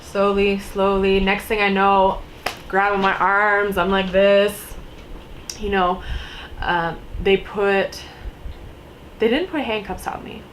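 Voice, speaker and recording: A young woman tells a personal story to her camera in a loose, chatty way, her sentences stacked with "like" and "you know". She slips into a higher pitch whenever she acts out someone's lines. A faint hiss sits under her voice. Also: takes it slowly, long pauses, poor audio. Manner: animated storytelling, acting out quotes in a higher voice; filler-heavy, lots of "like" and "you know". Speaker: vlogger. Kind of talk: casual storytime.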